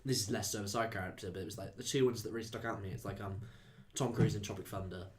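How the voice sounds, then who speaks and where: A man's voice: lowish voice, rapid-fire. A young man co-hosting a podcast, rambling animatedly in casual chat. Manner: animated, rambling, full of "like" and laughs. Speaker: podcast co-host.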